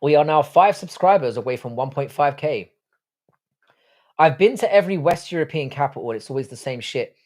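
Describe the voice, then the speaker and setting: A man's voice: a little high, expressive, brisk, a little mellow. A middle-aged man with a posh English accent, hosting a casual live stream with rambling, sweary chat. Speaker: livestream host.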